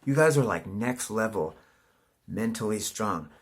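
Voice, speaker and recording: Husky, swearing man in his forties. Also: on the low side, animated, measured pace. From California. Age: 40s. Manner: swearing, says "dude" constantly. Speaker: vlogger. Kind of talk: casual rambling monologue.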